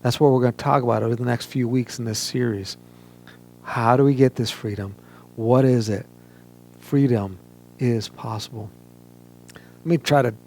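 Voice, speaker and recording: A man preaching a sermon as pastor, earnest and measured, with emphatic pauses. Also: mid-range voice, darkish tone, slight background noise. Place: church, streamed online service.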